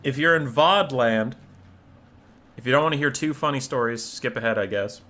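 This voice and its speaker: A young man hosting a live stream, chatting casually and telling stories in an animated, profane way. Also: mid-range voice, moderate pace.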